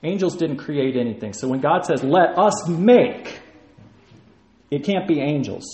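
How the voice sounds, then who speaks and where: A man's voice: fairly high pitch, animated, a little fast, darkish tone. A man preaching a sermon, emphatic and rising in force when he quotes scripture. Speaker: pastor. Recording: echoey room.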